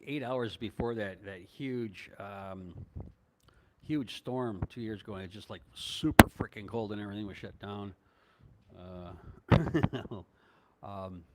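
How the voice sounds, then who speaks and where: A man's voice: medium pitch, slight background noise. An older man from northern Minnesota answering viewers' questions in a casual live stream, rambling and hesitant with many fillers and chuckles. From northern Minnesota, USA. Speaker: vlogger answering live chat.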